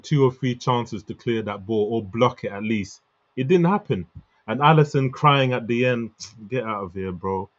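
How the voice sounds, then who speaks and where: A man's voice: mid-range voice, highs cut off. A man hosting a fan channel, venting in an emotional post-match rant full of slang. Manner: venting, slangy, restless, repeats himself. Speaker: football fan channel host.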